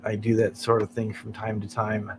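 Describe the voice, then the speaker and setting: A man's voice: fairly low pitch, monotone, moderate pace, noisy background. An American man hosting a late-night livestream, chatting in a rambling way and chuckling often between thoughts. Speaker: livestream host. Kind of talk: casual chat.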